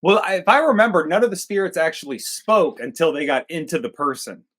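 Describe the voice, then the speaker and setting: A man co-hosts a movie review in loose, casual conversation. His voice sits a little high for a man, and he keeps the banter crude and full of profanity. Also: brisk, a bit bright. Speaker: movie review podcast co-host. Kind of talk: casual chat.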